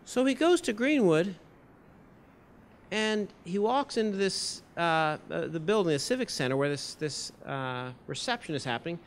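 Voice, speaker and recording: High-voiced man telling a campaign story. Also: normal speed. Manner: lively anecdotal storytelling with acted-out quotes. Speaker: political candidate giving a campus talk. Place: university lecture hall event.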